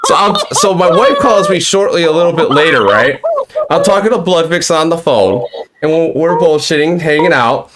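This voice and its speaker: A man's voice: fairly high pitch, lively intonation, moderate pace, over a noisy crowd. A man hosting a casual live-streamed interview, rambling and swearing freely as he retells stories. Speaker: podcast host.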